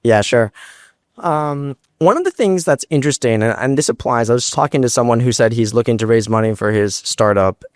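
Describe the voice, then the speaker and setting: A young adult American startup founder, appearing as a guest speaker, tells animated stories on stage before a large live audience, speaking fast and acting out quotes. His voice is mid-range, and the recording is dry and studio quality.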